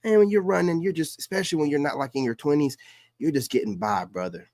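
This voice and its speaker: A man's voice: fairly high pitch, fast talker, a little mellow, no echo, studio quality. A man hosting a casual livestream, reacting to clips in slangy, hyped streamer talk. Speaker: livestream host.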